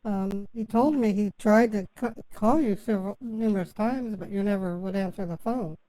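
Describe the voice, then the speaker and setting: A woman on a phone call, rambling through a long story and halting often, stammering and restarting her sentences with many fillers. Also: mid-range voice, mellow, no room sound. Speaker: scambaiter posing as a victim.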